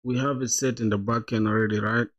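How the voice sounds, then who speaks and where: A man's voice: medium pitch, steady tone, quick pace, fairly bright tone, lo-fi sound. A man live-streaming his coding, thinking aloud in casual chat, laughing often and calling viewers "bro".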